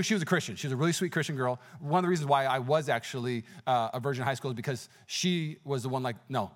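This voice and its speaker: Fast-talking high-voiced male pastor. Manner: energetic, personal storytelling with exclamations; conversational with many fillers and restarts. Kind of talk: sermon.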